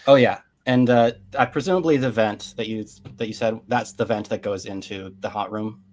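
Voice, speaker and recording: Fixated player in a tabletop game. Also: male voice, fairly low pitch, a little mellow, slight background noise. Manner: halting, fixated, with frequent restarts. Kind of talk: describing his character's actions in a tabletop game.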